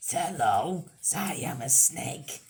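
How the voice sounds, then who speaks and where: A man doing a slow, low toy snake. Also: animated. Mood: mock-gloomy.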